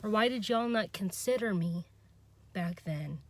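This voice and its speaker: A young woman talks through her frustration in an unscripted personal vlog. She halts, restarts and trails off, then laughs at herself. Her voice sits at a middling pitch for a woman. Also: animated, unhurried. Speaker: vlogger.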